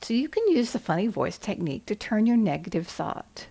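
Gravelly-voiced woman coaching. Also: mid-range voice, sing-song, brisk, hardly any pauses, dark tone. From Southern US. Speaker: podcast host for school leaders. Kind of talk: motivational podcast talk.

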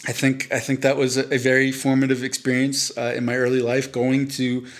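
A man on a podcast spins a long story in a loose, rambling way. He keeps restarting sentences and pokes fun at himself. His voice sits at an everyday middle pitch. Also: completely flat delivery, brisk. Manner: rambling, self-deprecating, frequent restarts and fillers. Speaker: podcast co-host. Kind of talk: casual chat, storytelling.

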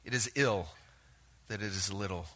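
A man preaching a sermon, moving between hushed asides and loud acted-out quotes from scripture. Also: fairly low pitch, moderate pace. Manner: animated, shifts between hushed and shouted quotes. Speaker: pastor.

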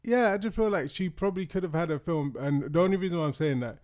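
A man's voice: a little high, fast talker, a little mellow. A man co-hosting a casual film podcast, agreeable and hesitant, with frequent fillers. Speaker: podcast co-host.

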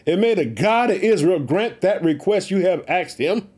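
A man's voice: high-pitched, expressive, normal speed, a little mellow. A man voicing a stern old priest who first scolds and then blesses a praying woman. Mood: blessing.

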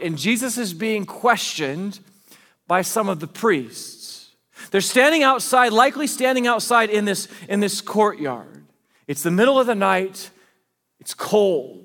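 A man's voice: high voice, bright, forceful tone, long reverb tail. A man preaching a sermon as pastor, telling a scripture story in casual, conversational everyday speech.

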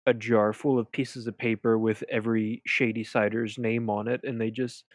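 A young man co-hosting a casual movie review podcast, starting hesitantly, then laying out his points in a thoughtful, measured way. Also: lowish voice, no echo. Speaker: podcast co-host.

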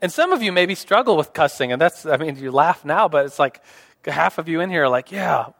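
High-voiced young man preaching in a hall. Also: expressive, brisk, fairly bright tone. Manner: casual, rambling, many fillers and restarts. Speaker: pastor. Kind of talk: sermon. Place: church hall. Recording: reverberant hall.

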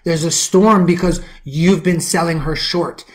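A middle-aged man from the Bronx with a New York accent, hosting a podcast as a men's coach in a forceful motivational monologue full of rhetorical questions. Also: fairly even intonation, unhurried. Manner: forceful preaching, rhetorical questions, drops to low intense tones.

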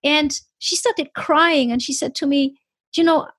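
A woman hosting an interview, telling a personal story in a lively way and acting out the quoted voices. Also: high voice, measured pace, dry recording, clean studio sound. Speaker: podcast host. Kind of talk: casual interview chat.

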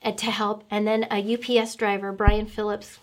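Middle-aged woman, earnest and emotional, flat-toned testimony with frequent fillers. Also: medium pitch, moderate pace. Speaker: guest sharing testimony. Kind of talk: personal faith testimony.

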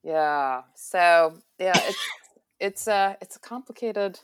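A woman hosting an interview, chatting casually and reading an excerpt aloud in a relaxed way. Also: lowish voice, slow, smooth, no echo, clean studio sound. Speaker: podcast host.

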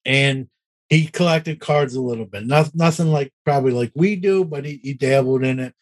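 A man's voice: mid-range voice, moderate pace. Rambling middle-aged man telling a story. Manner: rambling, self-deprecating, with many restarts and fillers. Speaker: podcast host telling his story as a guest. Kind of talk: casual conversational storytelling.

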